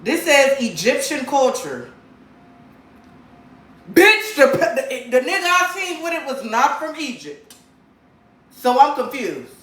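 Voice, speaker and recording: A woman from Michigan hosting a casual livestream, talking to her viewers in a blunt, profane, animated way. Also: sits high, slow pace, long pauses. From Grand Rapids, Michigan, USA. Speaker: livestream host. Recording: roomy echo, faint background ambience.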